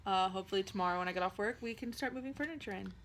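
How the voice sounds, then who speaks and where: A woman's voice: medium pitch, rapid-fire, a little hiss or hum. A woman chatting casually at home as co-host, filling her talk with "like" and "totally". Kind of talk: casual chat.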